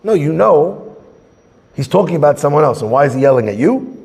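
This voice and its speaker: Male rabbi teaching a class, very expressive pitch, gravelly, acts out scenes. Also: fairly quick, long reverb tail. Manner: animated, acts out scenes, conversational. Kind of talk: lively Torah class.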